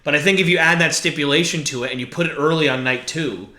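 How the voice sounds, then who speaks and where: A man's voice: on the high side, fast, sharp tone. Rambling man in an echoey room. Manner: rambling, self-correcting, hedging. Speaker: podcast co-host. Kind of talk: casual wrestling chat.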